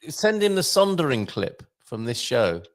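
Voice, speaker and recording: Gravelly lively podcast host man. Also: mid-range voice, moderate pace. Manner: lively questioning, easily amused. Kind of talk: casual chat.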